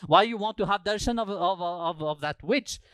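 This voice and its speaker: A man's voice: high voice, normal speed, fairly bright tone, clear, resonant tone, no echo, voice pushed up. A man voicing a group of proud male priests who question things in an indignant, incredulous way. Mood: scornful.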